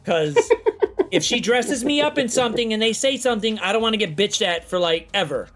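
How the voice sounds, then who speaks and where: A man hosting a casual late-night chat, telling stories in an animated, profane way. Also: sits high, a little fast, faint music behind. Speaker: host.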